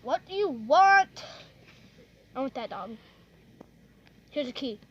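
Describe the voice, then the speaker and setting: A woman's voice: high voice, big pitch swings, slow pace, lo-fi sound, exaggerated voice. Bossy pet store clerk, a woman putting it on. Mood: stern. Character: stern pet store clerk handing over a dog. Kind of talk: pretend play with toys.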